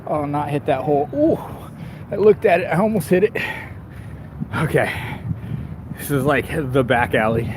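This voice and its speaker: A man's voice: a little high, very animated, normal speed, long pauses. Chatty man vlogging from a bike. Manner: chatty, rambling, self-deprecating, laughs often. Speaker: bike shop owner and vlogger. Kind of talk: live-stream commentary while riding a bike. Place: outdoors on town streets with passing traffic. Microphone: camera on the rider, action camera. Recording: outdoor street noise from traffic. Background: traffic and street sounds.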